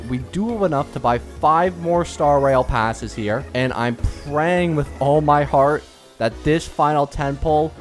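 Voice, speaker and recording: A young man doing casual, self-mocking commentary while pulling on a gacha game, pleading and bargaining with it as he goes. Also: medium pitch. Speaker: gaming YouTuber.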